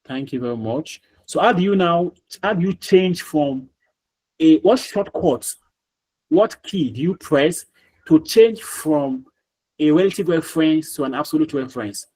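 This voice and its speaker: A man's voice: on the high side, animated, a little slow, a little mellow, poor audio. A man teaching a live online class over a video call, repeating himself and quizzing students by name.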